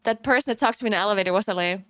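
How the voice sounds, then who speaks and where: A woman's voice: medium pitch, very fast, dry recording, clean studio sound. A young woman from Italy, a streamer, chatting casually with viewers and telling stories with a lot of laughter. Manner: animated storytelling, laughs often.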